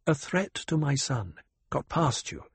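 A man voicing a cool, cutting noblewoman who lectures in a measured, calm way, with a breathy tone. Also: medium pitch, no room sound, pitched above the performer's own voice, exaggerated voice. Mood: cold, probing. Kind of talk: audiobook character voice.

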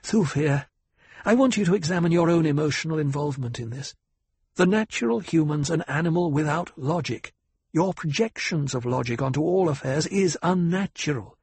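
An icy, sharp-tongued noblewoman, as a male reader puts her on, talking down with a raised, airy pitch. Her words come measured and calm, lecturing and probing. The voice is very breathy, recorded close and dry in an audiobook. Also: no echo, exaggerated voice. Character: cool, cutting noblewoman, a duke's consort. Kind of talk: audiobook character voice.

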